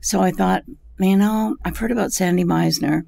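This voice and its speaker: An older woman with a gravelly, creaky tone spins long anecdotes about her acting career. She tells them with animated energy, breaking into laughter often. It sounds like a relaxed podcast conversation. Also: lowish voice, moderate pace. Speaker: actress guest. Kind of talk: casual storytelling interview.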